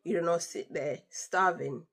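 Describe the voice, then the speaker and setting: A woman quoting her firm, caring female room manager, who scolds her in a plain, steady voice. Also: fairly low pitch, unhurried, creaky, heavily acted. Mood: scolding.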